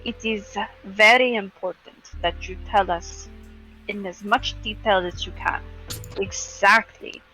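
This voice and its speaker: Woman, tabletop player, slow, bright voice, faint music behind. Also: medium pitch, poor audio. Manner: earnest, probing questions. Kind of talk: in-character tabletop role-play.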